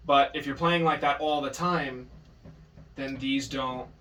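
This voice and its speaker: A man's voice: mid-range voice, fairly even intonation, unhurried, pushed and bright. A man teaching a private drum lesson, patient but firm, correcting his student and counting out beats. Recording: distant mic with drums in the room.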